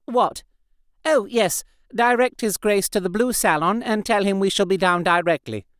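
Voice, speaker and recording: A man's voice: high-pitched, a bit bright, smooth, dry recording, studio quality, voice pushed up. A man voicing a fussy, gossipy young society lady in an audiobook. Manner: brisk, bossy, socially fussy.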